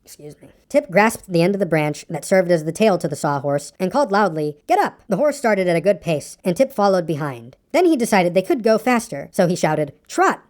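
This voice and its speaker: A woman narrating a classic storybook, expressive with a storytelling lilt. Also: lowish voice, brisk, few pauses.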